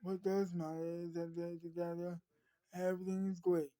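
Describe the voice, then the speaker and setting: A woman improvising a story aloud, halting often with fillers and restarts. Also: on the low side, level tone, mellow, no room sound, rough recording.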